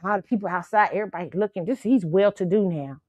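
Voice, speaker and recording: A woman's voice: medium pitch, fast talker, darkish tone, no echo. A woman hosting her own show, telling a story in a casual, profane way and laughing often. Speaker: show host.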